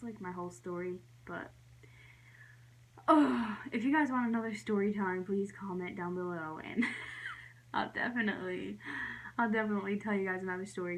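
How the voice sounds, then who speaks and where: Young woman, casual vlog storytelling, giggly, rambling, filler-heavy, soft whispered asides, middle pitch. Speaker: vlogger.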